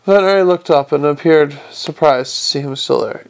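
Male narrator, gravelly, a little high, even and unhurried. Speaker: audiobook reader. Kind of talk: audiobook narration.

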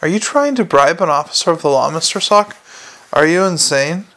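A man's voice: a little high, normal speed, sharp tone. A man reading aloud, voicing an earnest, formal young male watchman.

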